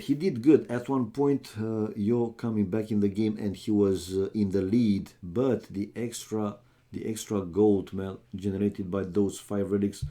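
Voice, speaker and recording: A man's voice: on the low side, mellow. A young man, chatting casually with his viewers while casting a strategy game match, and calling them "man" as he talks. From Romania. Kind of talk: casual live-stream chat and match commentary.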